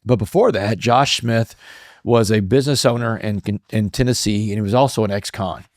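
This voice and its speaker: Storytelling man, lowish voice. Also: normal speed, no echo, studio quality. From Texas. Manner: casual, animated storytelling with many "man" fillers. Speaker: guest, motivational speaker. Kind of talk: storytelling in a podcast interview.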